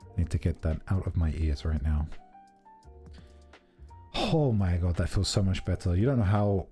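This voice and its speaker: A young man chats casually on a stream, rambling and playful, his voice low and mellow yet lively in its ups and downs. He sits very close to the microphone, with faint music playing behind him. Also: normal speed. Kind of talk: casual live-stream chat.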